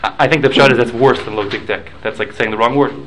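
A man at an ordinary middle pitch leads a relaxed study class. He works through a text in a conversational way, slipping in Hebrew and Aramaic study terms as he goes and checking in with his listeners. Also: fast, a little hiss or hum, rough recording. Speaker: Talmud class teacher. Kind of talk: casual study-class lecture.

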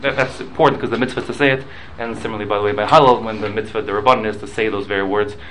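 A man's voice: fairly low pitch, fairly even intonation, rapid-fire, fairly bright tone, a little hiss or hum, rough recording. A man leading a casual study class, explaining points patiently, mixing in Hebrew and Aramaic study terms and checking in with listeners. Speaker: Talmud class teacher.

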